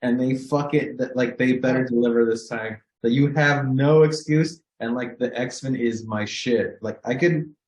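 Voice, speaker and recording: A man with a Southern Californian accent, co-hosting a podcast in casual chat, animated, swearing often and acting out his reactions. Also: medium pitch, moderate pace, few pauses. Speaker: podcast co-host. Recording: echoey room.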